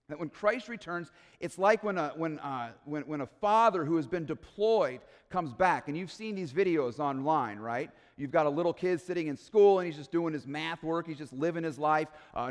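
Guy preaching in church, kinda high voice, long echo trailing off the walls, earnest and pleading. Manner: earnest, pleading, builds to emphatic peaks. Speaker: pastor. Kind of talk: sermon.

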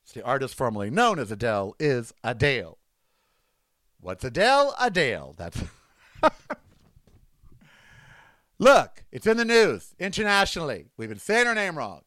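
A man's voice: medium pitch, big pitch swings, a little slow, pauses often, a bit bright, no echo. A man hosting a comedic rant monologue, sarcastic and mocking as he riffs at length. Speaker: host.

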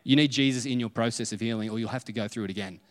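Racing along in a mid-range voice, a man preaches in a church auditorium, telling stories and playing out bits of dialogue in a conversational style. Long hall reverb trails his words.

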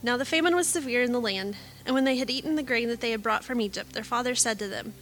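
A woman reading scripture aloud in a measured, steady way. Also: fairly high pitch, soft background music. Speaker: scripture reader.

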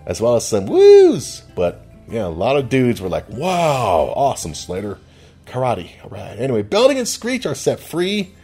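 A man's voice: on the low side, warm tone. A man narrating a TV episode recap casually with chuckling, offhand asides.

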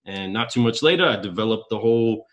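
Relaxed man telling a story. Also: fairly low pitch, quick pace, muffled recording. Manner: relaxed, storytelling with quoted dialogue. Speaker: podcast guest. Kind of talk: casual storytelling.

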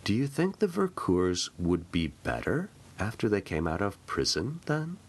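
A man voicing a calm female police officer who speaks quietly and gently. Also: on the low side, measured pace, slightly rough, pitched above the performer's own voice, exaggerated voice.

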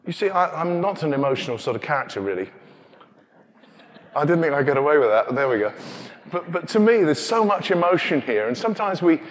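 A man with an English accent preaching a sermon, telling stories with animated asides. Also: a little high, brisk. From England. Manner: animated storytelling, acting out scenes in hushed asides. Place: church. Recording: long reverb of a large church.

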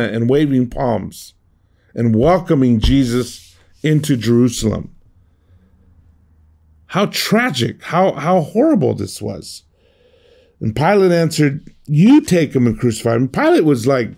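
A man's voice: fairly high pitch, very animated, a little slow, a little mellow. A middle-aged man giving an earnest sermon as a pastor, often restarting and repeating words as he goes.

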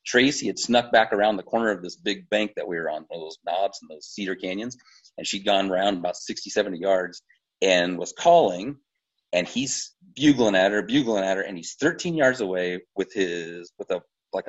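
A middle-aged American man telling a hunting story in a casual, animated and rambling way. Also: fairly low pitch, slightly rough, lo-fi sound. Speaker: podcast guest, bowhunter.

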